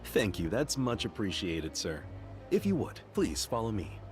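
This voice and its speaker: A courteous, formal restaurant host. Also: male voice, fairly low pitch, sing-song, moderate pace, a little mellow, soft background music. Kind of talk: video game dub.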